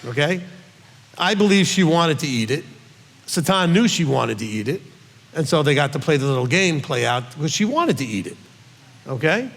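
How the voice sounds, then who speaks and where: Man, rabbi, fairly high voice, emphatic, keeps saying okay, long hall echo. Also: very animated, moderate pace, creaky, fairly bright tone. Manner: emphatic, ends points with "okay?". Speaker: rabbi teaching a Q&A. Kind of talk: conversational Bible teaching.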